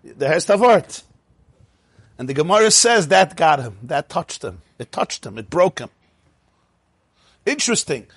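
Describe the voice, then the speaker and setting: Animated, husky-voiced man teaching Talmud. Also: on the high side, a little slow, long pauses, no echo. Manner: lively storytelling with laughing asides; mixes Hebrew and Yiddish terms into English. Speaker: Torah teacher. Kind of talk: Talmud and Chassidus class.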